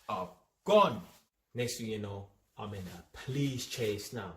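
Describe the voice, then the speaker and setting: A man's voice: on the low side, normal speed, a bit bright, echoey room. A man vlogging, telling a personal story in casual slang and acting out sound effects. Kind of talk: storytelling monologue.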